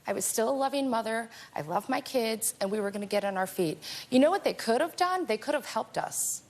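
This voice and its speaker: A woman's voice: on the high side, expressive, a little fast, a little mellow. A woman, a mother appearing as a talk show guest, telling her story in an impassioned, indignant way. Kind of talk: emotional personal testimony.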